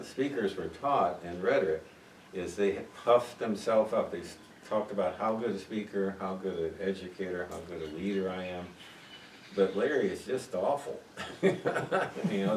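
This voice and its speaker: A man leading a church Bible study, talking conversationally and putting questions to the group. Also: sits low. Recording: echoey room, mic far off, noisy.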